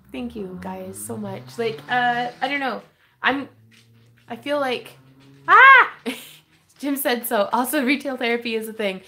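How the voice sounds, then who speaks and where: Giggly, creaky-voiced woman livestreaming. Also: fairly high pitch, slow, pauses often, a bit bright. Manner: giggly, chatty, frequent laughter and fillers. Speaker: craft livestream host. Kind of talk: casual livestream chat reading viewer comments. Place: home craft room.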